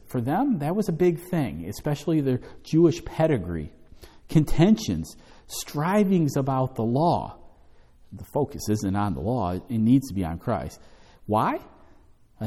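Emphatic male Bible study teacher, lively. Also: mid-range voice, unhurried. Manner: emphatic, stresses and repeats key words, asks rhetorical questions. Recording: long hall reverb.

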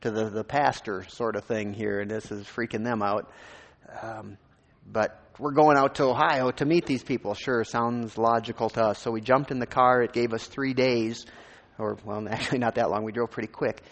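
A man from Minnesota, preaching his own testimony in loose, rambling storytelling and often restarting his sentences. His mid-pitched voice rings out with the long reverb of a large church hall. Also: steady tone, moderate pace. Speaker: pastor. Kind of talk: personal testimony in a sermon.

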